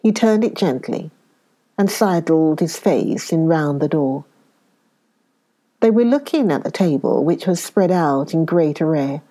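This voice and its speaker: A woman with a British accent reads a classic tale aloud. Her voice is mellow and warm, and she takes her time, leaning into each phrase with unhurried emphasis. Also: low voice. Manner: expressive, slows down for emphasis. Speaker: storyteller. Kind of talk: dramatic reading of a classic story.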